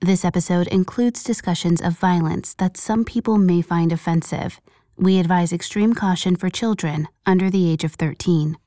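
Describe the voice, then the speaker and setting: Low, mellow woman narrating true crime. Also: no room sound. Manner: measured, grave storytelling. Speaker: podcast host and narrator.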